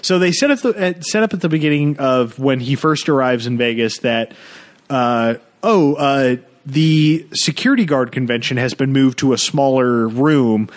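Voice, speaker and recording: A man's voice: medium pitch, moderate pace. A man co-hosting a podcast, talking through a movie in casual, rambling banter, cursing freely. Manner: rambling, profane, jumps into goofy voices. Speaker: podcast co-host.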